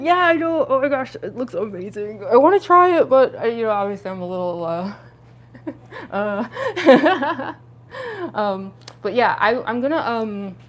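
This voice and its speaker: Young woman, livestream host: bubbly, rambly, laughs a lot, mid-range voice, talking around costume teeth. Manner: giggly, chatty, frequent laughs and fillers; excitable, pitch jumping up on exclamations. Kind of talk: casual livestream chat.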